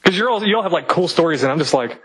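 A man's voice: on the high side, animated, very fast, fairly bright tone, husky, no room sound, low-quality recording. A man from eastern Kentucky, co-hosting a podcast, telling rambling, profanity-filled stories in casual chat. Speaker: podcast co-host.

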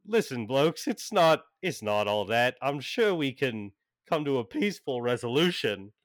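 Man putting on a British accent as a harried con man, exasperated and placating, pitch pushed up. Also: big pitch swings, normal speed, no echo, clean studio sound, natural voice. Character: weary, roguish British occult con man.

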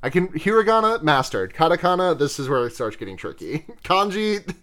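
A man's voice: fairly high pitch, sing-song, fairly quick, a bit bright. A man hosting a podcast, casually retelling a film's plot, profane and giggly, rambling with restarts. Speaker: podcast host.

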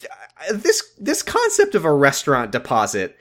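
Man, co-host, casual chat, very animated pitch, swears, breaks into quick voices. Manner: animated, swears freely, jumps into voices when quoting. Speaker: podcast co-host.

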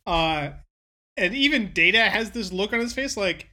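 A woman's voice: medium pitch, lively intonation, normal speed, pushed and bright. A woman in casual podcast chat, brashly recapping a TV episode with profane acted-out reactions.

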